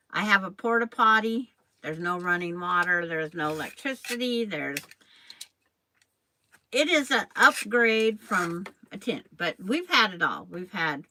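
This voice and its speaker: Older woman, quilting host; slow, rambling, chatty patter with a bright, lowish voice. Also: slight background noise, low-quality recording. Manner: rambling, chatty, addresses viewers by name. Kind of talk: casual chat while sewing on a live stream.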